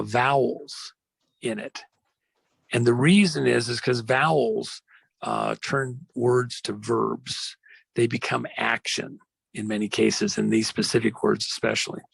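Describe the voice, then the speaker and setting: A man telling a story dramatically, rambling with many fillers and slowing down for emphasis. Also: mid-range voice, gravelly, breathy edge, no echo, low-quality recording. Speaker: guest.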